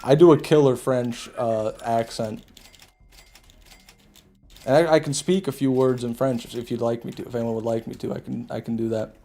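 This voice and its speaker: A male streamer talks casually over his gameplay, cracking crude jokes and greeting viewers as they chat. His voice is mellow and mid-pitched, with faint game music running underneath. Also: fairly even intonation, normal speed. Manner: profane, joking, laughs at his own jokes; chats with viewers while playing. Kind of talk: casual live gameplay commentary.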